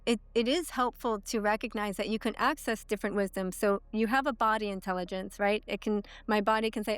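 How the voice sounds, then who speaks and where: A woman's voice: mid-range voice, steady tone, brisk, smooth, no echo. A woman in her thirties, a coach and podcast guest, explaining ideas in a teaching way and often checking in with "okay?" and "right?". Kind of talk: explanatory interview talk.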